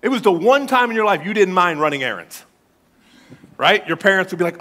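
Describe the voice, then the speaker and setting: Pastor preaching with lively pitch. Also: male voice, brisk. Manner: lively, asks the congregation questions and jokes. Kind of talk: sermon. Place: church sanctuary.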